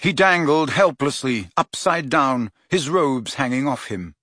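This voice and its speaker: A man narrating an audiobook with expressive storytelling. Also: mid-range voice, a little slow, no room sound, studio quality. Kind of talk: scripted narration.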